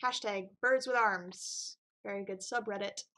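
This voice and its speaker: Bright, chatty woman gaming host. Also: medium pitch, measured pace, faint music behind. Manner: chatty, self-mocking. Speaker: let's play host. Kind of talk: game playthrough commentary.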